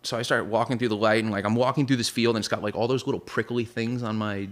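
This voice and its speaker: A man's voice: on the low side, steady tone, fast. Rambling young man telling a wild story. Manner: rambling, full of "like", "dude" and "bro", acts out voices in the story. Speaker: podcast guest. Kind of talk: casual storytelling.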